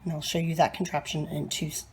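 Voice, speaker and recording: A woman's voice: deep voice, little pitch movement, fast, a little mellow, a little hiss or hum. A woman chatting casually as she cooks in her home kitchen, tossing in self-mocking asides. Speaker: home cook. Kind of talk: casual cooking vlog.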